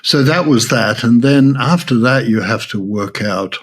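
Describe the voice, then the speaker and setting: An older man with an Australian accent telling stories in an interview, halting with many restarts and frequent laughs. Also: mid-range voice. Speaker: Zen teacher. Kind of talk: reflective interview storytelling.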